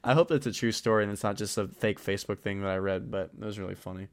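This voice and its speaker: A man's voice: on the low side, fairly even intonation, fast. A young man co-hosting a podcast in casual chat, laughing often and cursing freely. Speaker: podcast co-host.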